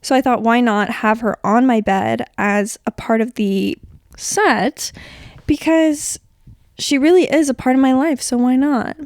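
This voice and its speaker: A woman's voice: a little high, measured pace, a little mellow, no room sound, studio quality. Chatty young woman, slightly sick voice. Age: 20s. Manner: chatty, rambling, filler-heavy. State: sick, voice a little rough. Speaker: podcast host. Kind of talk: casual solo podcast chat. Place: bedroom.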